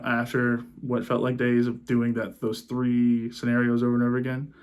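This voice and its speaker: A young man vlogging, telling a personal story in a rambling, casual way with frequent restarts and swearing. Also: medium pitch.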